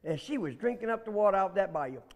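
A man's voice: sits high, expressive, quick pace, gravelly, big-room sound. A man, telling a children's story in a playful, chatty way and asking the children questions.

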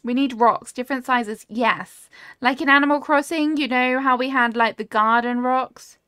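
With a high, pushed, bright and smooth voice, she speaks at a moderate pace with fairly even intonation. She's streaming a cozy building game, gushing over viewers' builds and reading chat aloud, easily delighted, in casual talk captured at studio quality without echo.

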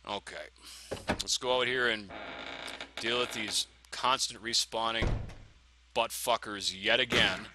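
A man's voice: on the low side, steady tone, slow pace, pauses often, background noise. A man commentating his own video game play, swearing and ranting in frustration at the enemies. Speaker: let's play gamer. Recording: game music clearly behind the voice. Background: game music.

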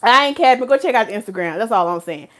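A woman, a hair stylist hosting a casual live stream and talking to her chat in an animated, preachy way. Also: a little high, fast. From North Carolina, USA.

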